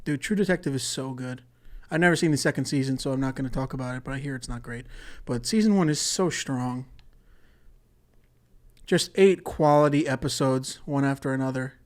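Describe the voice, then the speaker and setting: Speaking at medium pitch and a little fast, a man runs a solo comedy podcast. His delivery is rambling and profane, with frequent self-interruptions.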